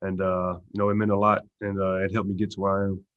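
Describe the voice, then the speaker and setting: Low-voiced man, filler-heavy press answers. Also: completely flat delivery, fast. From Texas. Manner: low-key, lots of "you know" and "uh" fillers. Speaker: pro football player at media day. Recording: dull lo-fi stream audio.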